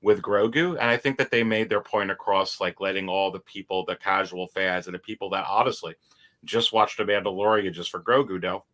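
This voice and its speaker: A man's voice: low-pitched, fairly quick, fairly bright tone. A man chatting animatedly as a guest on a livestream, repeating words and laughing easily over a video call. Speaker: guest toy collector. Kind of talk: casual chat on a livestream.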